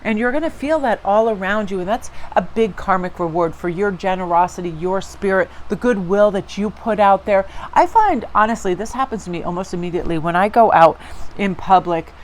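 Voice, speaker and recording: A woman's voice: mid-range voice, brisk, slight background noise. A woman from Connecticut with a Northeastern American accent, giving a chatty, encouraging tarot reading to her viewers. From Connecticut, USA. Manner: chatty and encouraging, with rambling asides. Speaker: tarot reader.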